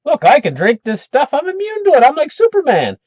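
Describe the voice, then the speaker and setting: A man putting on a high boastful young boy. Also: wildly swooping pitch, a little fast, darkish tone, no echo, muffled recording, full character voice. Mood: bragging. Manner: boastful, show-off. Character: bragging young boy gulping vodka.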